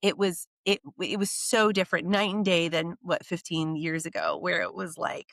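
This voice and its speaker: A middle-aged woman chatting as a guest on a podcast, animated and full of quick asides. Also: lowish voice, gravelly, no echo. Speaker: guest, wedding PR expert. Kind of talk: casual podcast chat.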